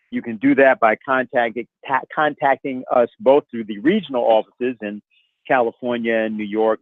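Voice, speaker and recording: A man moderating a conference call, making casual announcements in a halting way with many fillers. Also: mid-range voice, no room sound. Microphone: telephone. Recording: narrow phone line.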